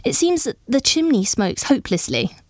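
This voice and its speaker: A woman's voice: mid-range voice, darkish tone, dry recording, close to an everyday voice. A woman doing a hesitant young lady of the house. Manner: hesitant, halting, stammers.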